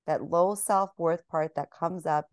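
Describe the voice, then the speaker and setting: A woman guest on a podcast, speaking gently and reflectively and laughing easily. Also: on the low side, steady tone, unhurried, smooth, no echo, clean studio sound. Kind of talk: conversational podcast talk.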